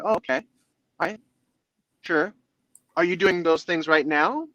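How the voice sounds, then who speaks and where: A man with a fairly high voice talks as an interview guest in a lively, motivational way, playing out inner dialogues as he goes. The sound is dry and close, with no room around it. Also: moderate pace, long pauses, no room sound, highs cut off. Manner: expressive, acts out inner dialogues in other voices. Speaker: guest speaker.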